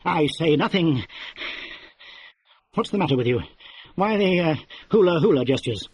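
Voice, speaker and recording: A man's voice: on the high side, expressive, moderate pace, darkish tone, slightly rough, dry recording. A man voicing a blunt, lecturing young man in an audiobook reading. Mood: blunt, flustered. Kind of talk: audiobook character voice.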